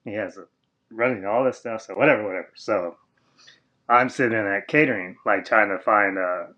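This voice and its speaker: A man, a former wrestler, telling a long story as a podcast guest, with lots of fillers, and he jumps high and loud when he quotes other people. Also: brisk. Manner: rambling, filler-heavy, acts out quoted voices high and loud. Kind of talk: casual storytelling interview.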